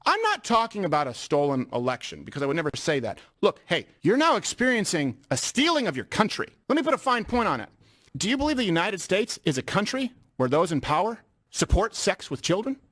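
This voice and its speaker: A man's voice: sits high, big pitch swings, fairly quick, fairly bright tone, no echo, studio quality. A man giving emphatic political commentary in an insistent, rhetorical manner. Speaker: commentator in a played clip.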